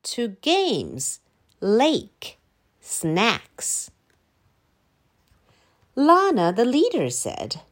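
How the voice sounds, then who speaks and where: A woman from China reading a children's picture book aloud in a slow, clearly paced, very animated way. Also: high voice. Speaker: storyteller. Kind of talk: children's storybook read-aloud.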